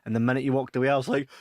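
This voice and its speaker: A Scottish man co-hosting a podcast, telling stories with laughter and bursting into shrill impressions. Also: a little mellow, dry recording, clean studio sound. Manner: laughs through his stories, shrieks impressions. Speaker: podcast co-host. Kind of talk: casual chat.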